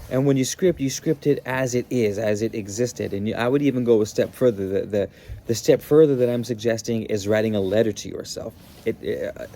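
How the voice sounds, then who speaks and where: Mellow-voiced man explaining manifestation. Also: medium pitch, a little hiss or hum. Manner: rambling, restarts and trails off mid-thought; earnest, motivational. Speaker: spiritual self-help host. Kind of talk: casual explanatory monologue.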